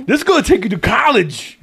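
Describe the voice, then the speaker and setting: A man's voice: very high-pitched, vocal fry, fairly bright tone. A young man hosting a movie podcast, chatting casually and playfully with frequent laughter. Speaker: podcast host. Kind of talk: casual chat.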